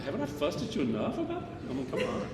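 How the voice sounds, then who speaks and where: Racing along with huge swings in pitch, a high-pitched man directs a choir rehearsal, joking and fussing. He sings short lines to demonstrate, and the echoey room or hall carries faint choir music.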